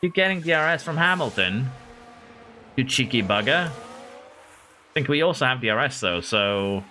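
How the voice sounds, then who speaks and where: A man streaming a racing management game, talking excitedly to his drivers and reading chat. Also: medium pitch, measured pace, slight background noise. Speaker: gaming streamer. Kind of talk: live game commentary.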